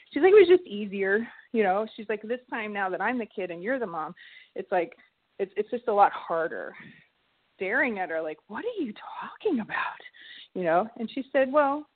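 A middle-aged woman, a holistic health coach, telling stories animatedly in a casual interview and acting out the voices she quotes. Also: medium pitch. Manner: lively, animated storyteller, acts out quoted voices. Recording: tinny phone-like line.

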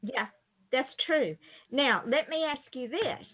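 A woman's voice: high-pitched, animated, slow pace. A woman hosting an interview in casual chat, telling stories in a rambling, digressive way. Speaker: interview host. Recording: tinny phone-like line.

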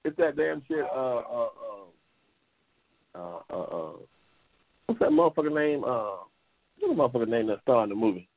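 A man hosting a call-in talk show, heated and profane, repeating himself and jumping into high outbursts. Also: lively intonation, normal speed, vocal fry, pauses often, dry recording. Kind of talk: loud profane call-in chat. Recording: phone-like lo-fi audio.

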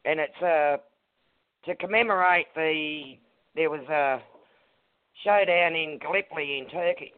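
A blunt-spoken Australian man, a guest chatting on talk radio, slangy and quick to curse. His voice is a bit higher than most men's. It comes through thin and tinny, like a phone call. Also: clear, resonant tone, no room sound. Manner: blunt, swears, uses slang. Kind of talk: casual talk radio discussion.

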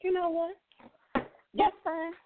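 A woman co-hosting a casual chat show, protesting and laughing in a lively way. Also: extremely high pitch, takes it slowly, background noise. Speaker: co-host. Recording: tinny phone-like sound.

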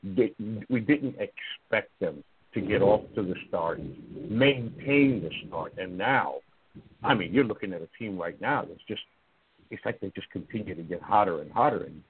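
A man with a Southern US accent, hosting a sports talk show in an animated, teasing way and often repeating words. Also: fairly low pitch, moderate pace, slight background noise. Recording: tinny phone-like line.

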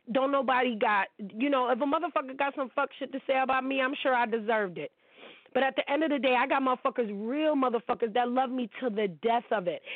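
A woman's voice: a little high, no room sound. A woman in her forties from the United States, hosting her own show and delivering a blunt, profane rant that calls people out. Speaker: podcast host. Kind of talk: ranting commentary monologue. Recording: tinny phone-like sound.

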